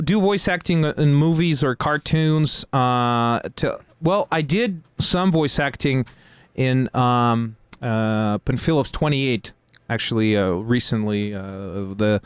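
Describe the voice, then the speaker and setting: A man hosting a live game stream who chats away as he plays, full of fillers and quick laughs. His voice sits at an average pitch. The sound is dry and close to the mic. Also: clean tone, no room sound. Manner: chatty, with many fillers and laughs. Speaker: host and game narrator. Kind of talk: casual chat while playing a game live.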